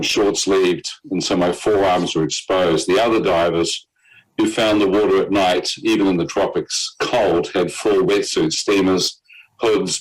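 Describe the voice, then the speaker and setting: A man with a fairly low voice recounts his own dramatic testimony as a guest. He tells it vividly, using fillers like "um" and breaking into short laughs now and then. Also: poor audio. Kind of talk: personal testimony storytelling.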